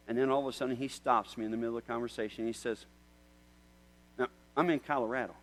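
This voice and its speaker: A man preaching a sermon. He tells a story in a conversational way, then builds to loud, emphatic questions. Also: medium pitch, rough recording. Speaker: pastor.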